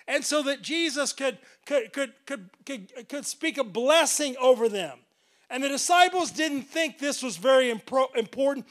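Man, middle-aged, very high-pitched voice, earnest sermon delivery, repeats words for emphasis. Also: a bit bright. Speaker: pastor.

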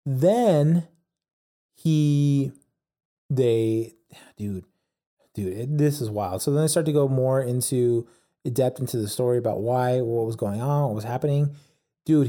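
A man whose voice is mellow and medium in pitch speaks a little slowly while retelling a documentary. It's a rambling, casual chat peppered with "like" and "yada yada."

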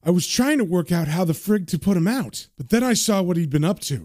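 A man's voice: high voice, expressive, fairly quick, a little mellow, dry recording, studio quality. A man voicing a blunt young man from Birmingham, with a Birmingham accent, who swears and gets heated. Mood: indignant.

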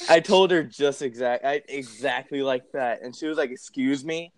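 A young man in casual chat, telling a story with lots of swearing and loud laughs. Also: mid-range voice, normal speed, a little hiss or hum. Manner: animated, swears often, laughs loudly.

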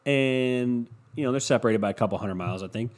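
A man's voice: mid-range voice, fast talker, darkish tone. A man hosting a casual solo podcast, rambling and cursing with self-mocking humor, a bit congested from a cold. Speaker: podcast host.

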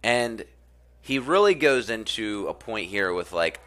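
A man's voice: on the low side, expressive, a little slow, fairly bright tone. A man giving a casual, earnest talk on self-improvement, who retells a story and repeats his phrases with many fillers.

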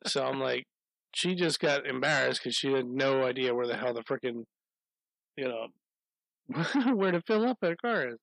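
A man's voice: medium pitch, expressive, moderate pace, gravelly, fairly bright tone. A man spins a long, rambling story in loose conversation, swearing freely and chuckling at his own tale. His voice sits in an ordinary middle range. The sound is dry, with no room echo. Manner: profane, rambling, laughs through anecdotes. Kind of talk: casual storytelling chat.

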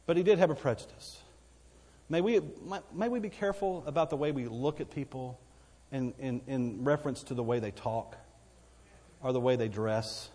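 A man's voice: medium pitch, normal speed, dark tone, long reverb tail. A man with a Texan accent preaching a sermon as pastor, folksy and conversational, with asides to the congregation. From Texas.

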